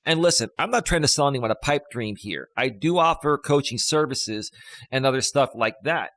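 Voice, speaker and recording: A man's voice: mid-range voice, expressive, moderate pace, fairly bright tone, no room sound. Rambling middle-aged male life coach. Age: 50s. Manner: rambling, emphatic, with many fillers and restarts. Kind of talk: casual live-stream talk.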